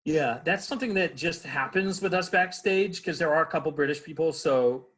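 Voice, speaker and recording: A man's voice: fairly high pitch, normal speed, a bit bright, rough recording. A man, a stage actor, answering interview questions in a casual, rambling way, full of fillers and restarts, over a video call.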